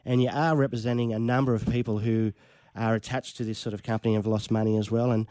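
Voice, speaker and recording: An Australian man hosting a radio interview, speaking in a measured, supportive way with frequent ums. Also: lowish voice, level tone, mellow, no echo. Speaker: radio host. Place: radio studio.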